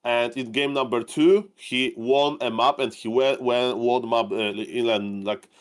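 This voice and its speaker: A man co-hosting a live esports stream. His mid-range voice sounds animated and enthusiastic as he breaks down the matches. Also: medium pitch, measured pace. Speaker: esports caster.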